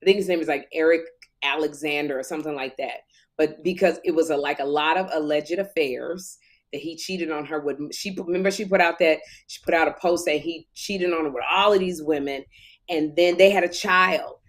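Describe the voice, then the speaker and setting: A woman in her thirties co-hosting a casual podcast chat, telling animated stories and slipping into impressions. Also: low voice, fairly quick. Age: 30s. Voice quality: animated storyteller who slips into impressions. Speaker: podcast co-host.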